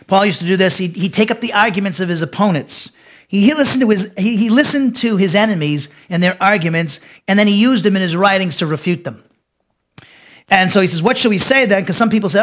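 A man's voice: high voice, animated, brisk, a bit bright. A man teaching a Bible lesson as pastor, emphatic, often restarting and repeating phrases.

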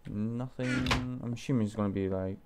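A man's voice: mid-range voice, fairly even intonation, moderate pace, very noisy. A young man from Wales, talking himself through a video game, muttering and swearing casually. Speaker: gaming channel host. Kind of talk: let's play commentary.

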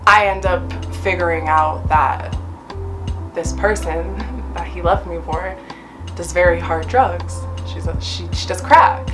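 A young woman spills a breakup story in a casual vlog, filling it with "like" and curse words. She sounds a little high and talks in a lowish voice. Music plays clearly behind her. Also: measured pace. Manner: chatty, swearing, many fillers. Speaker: vlogger.

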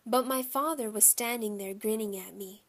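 A woman's voice: a little high, normal speed, a bit bright. Woman reading a children's book aloud. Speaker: reader.

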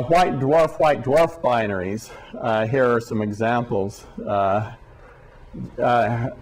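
A man giving a university physics lecture, speaking deliberately and haltingly, often repeating words, with dry sarcastic asides. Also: mid-range voice.

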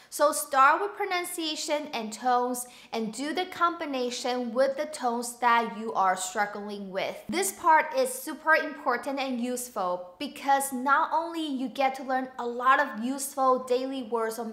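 A woman from Taiwan teaching a Mandarin lesson, upbeat and clear, slowing down to model words and tones. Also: high-pitched, sharp tone, roomy sound. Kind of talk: online language lesson to camera.

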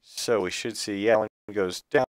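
A man's voice: lowish voice, normal speed, clear, resonant tone, no echo, clean studio sound. A man streaming a building game live, thinking aloud in a chatty, self-correcting way. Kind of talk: live gameplay commentary.

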